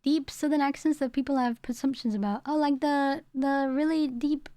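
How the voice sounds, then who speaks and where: A woman's voice: sits high, fairly even intonation, moderate pace, dark tone, dry recording, clean studio sound. A young woman, chatting casually with her stream chat, rambling and laughing as she goes. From England.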